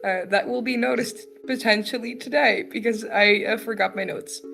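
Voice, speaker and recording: Brief: sheepish woman tabletop player, gravelly fry in her voice, on the high side. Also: normal speed, a bit bright, faint music behind. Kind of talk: casual chat.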